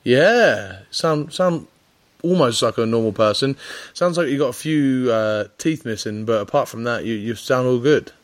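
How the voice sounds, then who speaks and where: A man's voice: mid-range voice, lively intonation, moderate pace. A man hosting a casual podcast, bantering with his co-host in a teasing, rambling way.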